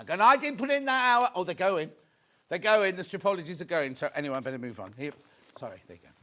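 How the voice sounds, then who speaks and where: Excitable British shopping-channel presenter man. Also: on the high side. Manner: excitable, chatty, counting down stock. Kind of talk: live TV shopping sales patter. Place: TV studio.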